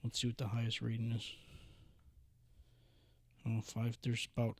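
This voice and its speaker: This podcast host is a young adult man whose mid-range voice moves at a moderate pace, recorded without echo. He keeps things casual and excitable, swears freely, and fills his speech with plenty of "dude" and "like."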